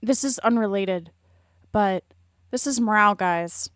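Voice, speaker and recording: A woman's voice: mid-range voice, a little slow, fairly bright tone, no room sound, clean studio sound. A woman streaming, chatting casually in a blunt, rambling way and swearing a lot. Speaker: streamer reacting to a video.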